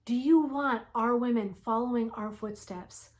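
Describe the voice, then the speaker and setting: Forties woman vlogging, kinda high voice, fired up and swearing, preachy pep talk. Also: a little slow. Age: 40s. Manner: fiery, blunt and profane, preachy pep talk. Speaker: wellness vlogger. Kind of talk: impassioned motivational vlog.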